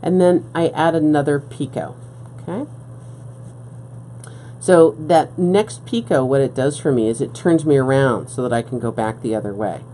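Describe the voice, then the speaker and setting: A woman's voice: extremely low pitch, normal speed, mellow, a little hiss or hum. A woman beading instructor on a live craft stream, explaining each step patiently and often checking in with "okay?". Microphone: live-stream setup at a work table.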